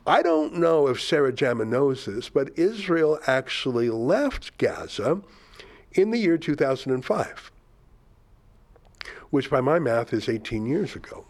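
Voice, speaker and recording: A man's voice: mid-range voice, animated, unhurried. An older man hosting a political commentary show, sarcastic and indignant as he mocks the statements he reads out.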